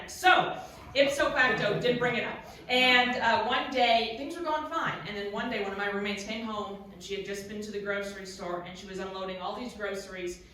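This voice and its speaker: Bright, animated woman doing stand-up. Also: medium pitch, a little hiss or hum. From Maryland, USA. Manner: animated storytelling, big shouted punchlines. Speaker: stand-up comedian. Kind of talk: stand-up comedy set. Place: comedy club stage. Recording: echoey club from a distant mic.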